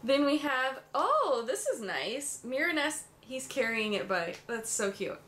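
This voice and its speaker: A woman from the USA chatting through an excited unboxing at home, gushing with frequent gasps and exclamations. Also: sits high, measured pace, a little hiss or hum. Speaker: beauty vlogger. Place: home room with her dog nearby.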